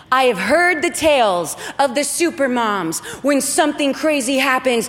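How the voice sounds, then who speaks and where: Woman in her 30s, kinda high voice, funny lively faith story, big echoey hall. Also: normal speed, hardly any pauses. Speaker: speaker. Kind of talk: faith testimony talk. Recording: long hall reverb.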